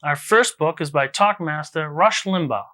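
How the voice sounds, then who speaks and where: A man hosting a mock book review segment, delivering satire in a dry, deadpan way. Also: on the high side, moderate pace.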